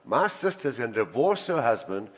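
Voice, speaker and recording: An older man preaching a sermon, telling personal stories and swinging between loud emphasis and quiet asides. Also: medium pitch, big pitch swings, normal speed. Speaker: pastor. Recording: reverberant hall.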